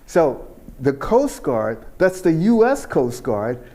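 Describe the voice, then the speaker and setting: An older man giving a keynote speech, telling his story in an unhurried, earnest way and laughing at himself now and then. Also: on the high side, very animated, dark tone. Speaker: keynote speaker.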